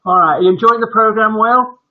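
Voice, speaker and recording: A man's voice: sits high, quick pace, narrow, tinny audio. An older man hosting a live-streamed bedtime story show, chatting in a jokey, teasing way. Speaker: host.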